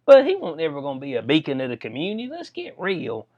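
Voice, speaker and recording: Slangy man with a higher voice. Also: wildly swooping pitch, fast talker, a little mellow, lo-fi sound. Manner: slangy, rambling, laughs often. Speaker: political commentary vlogger. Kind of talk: casual commentary on news articles.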